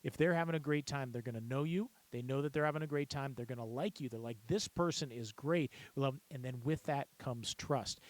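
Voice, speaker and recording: Upbeat male auctioneer coach, mid-range voice, repetitive teaching style with bursts of fast chant. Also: medium pitch. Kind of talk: instructional talk to camera.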